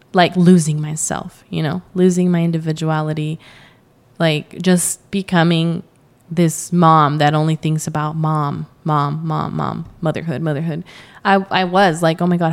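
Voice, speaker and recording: A young woman talks casually as a podcast guest, telling her story with plenty of quoted asides and easy laughter. Her voice sits a little low for a woman. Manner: chatty storytelling, quotes herself, laughs often. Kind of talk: casual interview chat.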